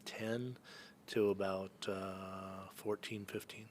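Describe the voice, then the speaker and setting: A slow, low-pitched voice with little pitch movement belongs to this podcast guest, an entrepreneur and hunting guide from Northern California. A little hiss or hum is audible as he tells casual, rambling stories with many fillers and restarts.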